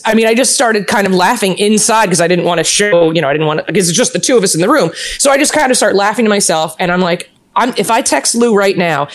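Laughing woman telling a story. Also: medium pitch. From New York. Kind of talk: casual storytelling.

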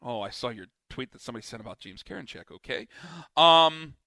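A married man co-hosting a podcast, telling a rambling story and quoting people in animated bits. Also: medium pitch, a little fast, vocal fry, no echo, clean studio sound. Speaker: podcast co-host. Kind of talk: casual banter.

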